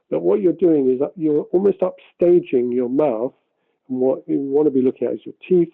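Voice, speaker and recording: A man in an archival interview, recounting a production decision in a rambling, self-correcting, animated way. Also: on the high side, vocal fry. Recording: tinny phone-like archive audio.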